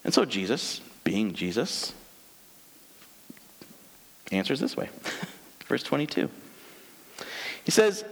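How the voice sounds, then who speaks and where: A man pastor giving a conversational, animated sermon, slowing down to read scripture aloud. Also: on the low side, gravelly. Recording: long hall reverb.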